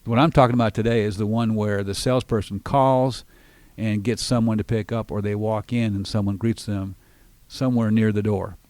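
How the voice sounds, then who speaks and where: Brief: middle-aged male sales coach on radio, low voice, dry studio sound, confident and explanatory. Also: steady tone, normal speed, a little mellow, dry recording. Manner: confident, explanatory, acts out phone lines. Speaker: sales trainer and show host. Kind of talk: radio business talk, coaching. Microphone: studio microphone.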